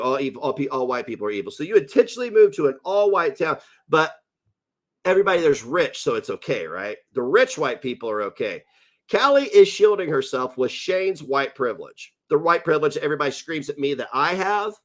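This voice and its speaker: Brief: a male stream host, sarcastic and mocking, with a lively, up-and-down voice. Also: a little high. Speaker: livestream host. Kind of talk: ranting livestream commentary.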